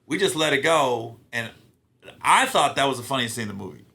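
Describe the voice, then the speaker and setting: A middle-aged man from Ohio, a guest comedian telling stories in a casual, profane, animated way. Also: mid-range voice, fairly quick, gravelly. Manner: animated, profane, acts out quotes. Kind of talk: casual storytelling interview.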